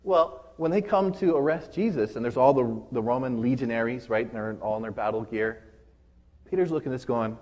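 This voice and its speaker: A man's voice: medium pitch, brisk, darkish tone. A man preaching a casual, conversational sermon, retelling a story and often checking in with "right?". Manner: casual, chatty, keeps asking "right?".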